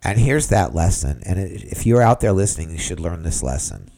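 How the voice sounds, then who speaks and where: A man's voice: low voice, big pitch swings, brisk, gravelly, dark tone. A middle-aged man hosting a solo podcast, talking in an emphatic, rambling way and often repeating himself. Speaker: podcast host. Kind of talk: opinionated solo podcast monologue.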